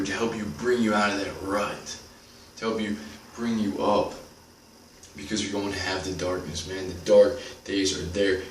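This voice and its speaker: A man's voice: low-pitched, distant mic. Motivational host: earnest man, direct and repetitive, roomy sound with faint background noise. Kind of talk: motivational monologue.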